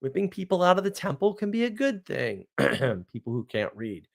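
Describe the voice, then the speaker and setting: A man's voice: sits high, very animated, normal speed, vocal fry. A man hosting a live stream, telling stories in a casual, rambling way, laughing often and checking in with "right?" asides. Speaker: livestream host.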